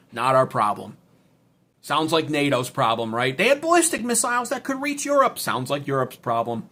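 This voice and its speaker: A political commentary streamer from the United States reads chat aloud and rants in a heated, sarcastic, profane style. He has a mid-range voice with a fairly bright tone.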